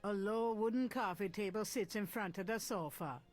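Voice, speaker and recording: A woman giving calm, measured scripted narration of the scenes in a mystery adventure game. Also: medium pitch, soft background music, close to an everyday voice.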